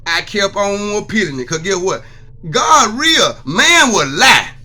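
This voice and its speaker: A man's voice: sits high, very animated, unhurried, pushed and bright. A man giving an emotional, preachy testimony monologue to his viewers, repeating "see what I'm saying.". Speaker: vlogger.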